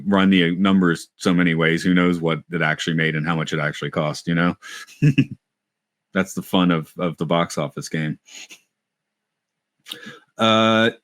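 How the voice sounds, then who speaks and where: Speaking low in a clean studio recording without echo, this Japan-based man co-hosts a laid-back podcast. He tends to wander, start his thoughts over and work things out as he talks.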